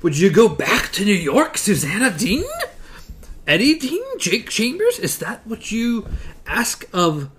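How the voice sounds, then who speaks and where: A reader voicing a grand, imperious male wizard who declaims slowly and loudly, with pitch that swoops widely. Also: very animated, a little hiss or hum. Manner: slow, loud, declaiming.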